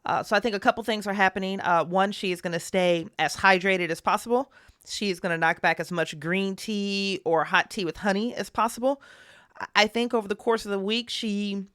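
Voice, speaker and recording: A woman's voice: medium pitch, brisk, fairly bright tone, clear, resonant tone, dry recording, clean studio sound. A woman player describing her character at length in a thoughtful way, with fillers. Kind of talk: tabletop role-play.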